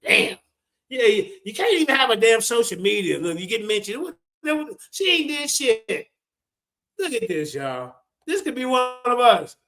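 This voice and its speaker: A man's voice: sits high, very animated, normal speed, fairly bright tone. A man giving loose, joking reaction commentary, cursing freely and talking straight to his viewers.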